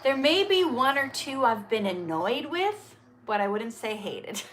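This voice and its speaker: A woman's voice: on the high side, big pitch swings, measured pace, a bit bright, a little hiss or hum. A woman hosting a casual Q&A livestream, chatty and upbeat, laughing easily as she reads out questions. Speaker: host and actress.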